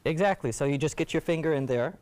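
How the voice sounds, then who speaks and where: A chef demonstrating a recipe on a TV show set, relaxed and chatty. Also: mid-range voice, quick pace, noisy background. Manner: relaxed, chatty, laughs easily. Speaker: chef doing a cooking demo. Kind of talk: casual TV cooking demonstration. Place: TV studio kitchen set.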